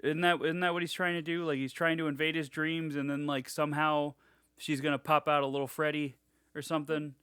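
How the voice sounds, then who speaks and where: A young man chats loosely on a podcast, rambling through stories with plenty of restarts and swearing. His voice is bright and forceful, recorded close and dry. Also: fairly high pitch, flat delivery, a little fast, smooth, no echo. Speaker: podcast co-host. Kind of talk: casual chat.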